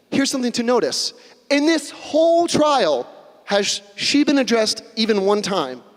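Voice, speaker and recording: A man preaching a sermon as a pastor, conversational and animated, with jokey asides. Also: sits high. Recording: long reverb of a hall.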